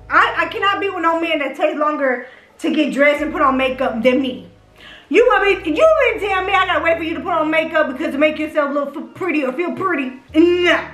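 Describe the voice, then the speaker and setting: A woman's voice: high-pitched, a bit bright. A young woman, chatting on a vlog about who she would date, gushing and profane as she teases her viewers. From Houston, Texas. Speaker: vlogger. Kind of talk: casual chat, smash-or-pass reactions. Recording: echoey room, faint music.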